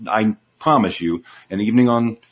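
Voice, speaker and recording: A man's voice: fairly low pitch, moderate pace. A man speaking as a guest in an interview, coaching earnestly with emphatic rhetorical questions. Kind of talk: conversational coaching talk.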